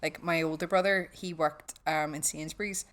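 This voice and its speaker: A woman with a Northern Irish accent, telling swearing, lively stories in a casual podcast chat. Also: low-pitched, moderate pace. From West Belfast, Northern Ireland. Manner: swearing storyteller, acts out quotes. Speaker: guest.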